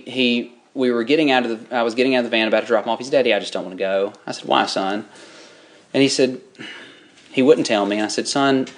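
A man preaching a sermon, shifting between folksy, chatty storytelling and drawn-out, rising emphasis on scripture. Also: mid-range voice. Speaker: pastor.

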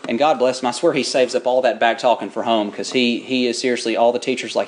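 A man preaching a sermon, shifting between folksy, chatty storytelling and drawn-out, rising emphasis on scripture. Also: medium pitch, fairly even intonation. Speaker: pastor.

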